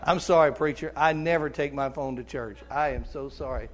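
A middle-aged man with a fairly high, squeaky tenor voice preaches a sermon. He is impassioned, pushing his voice loud and urgent and then dropping to near-hushed tones. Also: normal speed, noisy background. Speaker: visiting preacher.

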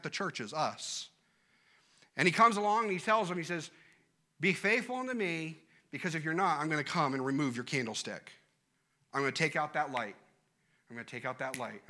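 A man preaching a sermon, emphatic, repeating key phrases and dropping from loud declarations to hushed, quiet lines. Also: high-pitched.

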